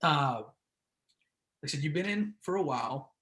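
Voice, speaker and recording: A man's voice: on the high side, lively intonation, moderate pace, fairly bright tone. A man hosting an interview, asking loose, rambling questions with fillers. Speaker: interview host.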